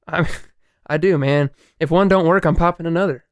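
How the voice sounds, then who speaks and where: A young man co-hosting a podcast, retelling a story in casual chat, animated, swearing and laughing. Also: fairly high pitch, slow pace, pauses often, no echo, studio quality. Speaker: podcast co-host.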